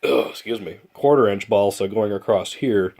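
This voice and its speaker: A man with a nasal, congested voice, casually explaining his model airplane build in a rambling, relaxed way. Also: lowish voice, normal speed. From Michigan. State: stuffed-up nose. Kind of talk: casual build update vlog.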